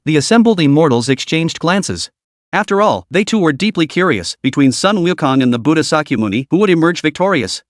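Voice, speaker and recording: A man narrating a scripted story recap in an even storytelling delivery. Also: on the high side, no echo, studio quality.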